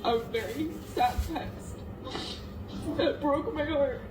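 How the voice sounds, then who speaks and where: A woman's voice: high voice, slow pace, roomy sound, very noisy. A woman speaking close to tears in a personal vlog, her voice unsteady with emotion.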